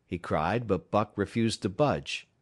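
A man from South Carolina narrates an audiobook in a measured, steady way. His voice sits on the low side. The recording is dry and close, with no room sound. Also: no room sound.

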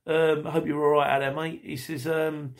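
A man's voice: fairly high pitch, flat delivery, normal speed. A middle-aged man hosting a podcast, chatting casually and rambling while he reads out listener messages, laughing often. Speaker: podcast host.

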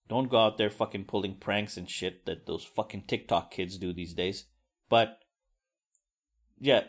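A man hosting a solo podcast, talking casually with frequent swearing and self-deprecating asides. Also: medium pitch. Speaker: podcast host.

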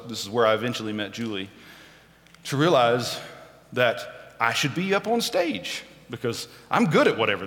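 Guy preaching a sermon, lively up-and-down voice, jokes at his own expense, long echo around him. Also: mid-range voice. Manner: storytelling with self-deprecating humor.

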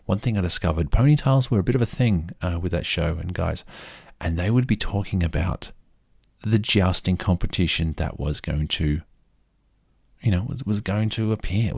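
Gravel-voiced man rambling. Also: low voice, no room sound, clean studio sound. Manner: rambling, self-deprecating, animated. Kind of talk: casual storytelling monologue.

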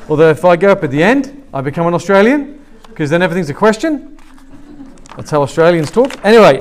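A man's voice: fairly high pitch, clean tone. A man with an English accent, preaching a sermon to a live congregation and joking with them as he goes. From England. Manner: warm, joking, talks with the congregation. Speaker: pastor. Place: church hall with a live congregation.

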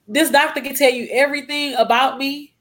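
Guest, young woman, fairly high voice, emotional first-person storyteller who acts out the dialogue. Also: fairly even intonation, brisk, fairly bright tone. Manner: emotional retelling with acted-out quotes.

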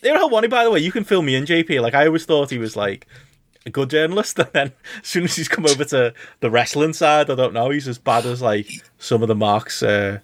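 Animated man, dry sound. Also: mid-range voice, fast, no echo. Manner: animated, laughing, swearing, mocking. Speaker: podcast host. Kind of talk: casual chat.

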